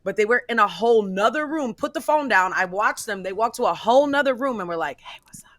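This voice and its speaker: A woman's voice: fairly high pitch, fast, dry recording, studio quality. A woman hosting a weekend radio show, chatting casually and acting out little stories with quoted voices. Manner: animated storytelling, acting out quotes. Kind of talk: casual chat. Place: radio studio.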